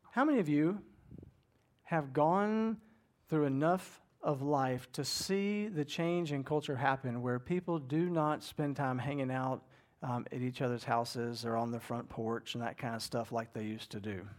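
A middle-aged pastor preaching in a conversational, animated way, acting out people's inner voices. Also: male voice, medium pitch. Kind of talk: sermon.

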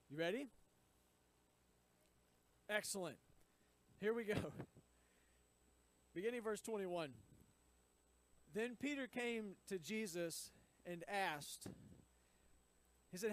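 A man's voice: high-pitched, expressive, takes it slowly, long pauses, low-quality recording. A man reading scripture aloud and explaining it in a chatty teaching style, with frequent asides to his listeners. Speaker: Bible teacher.

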